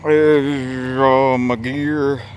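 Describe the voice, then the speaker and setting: A man's voice: medium pitch, level tone, very slow, a little mellow, a little hiss or hum. A man vlogging outdoors beside railroad tracks, rambling in a folksy way and swearing casually, recorded on a handheld camera mic. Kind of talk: casual outdoor vlog narration.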